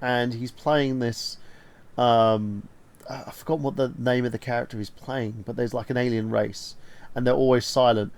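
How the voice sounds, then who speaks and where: A man co-hosting a casual movie talk show, animated and swearing freely as he acts out quotes. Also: mid-range voice, moderate pace. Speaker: podcast co-host.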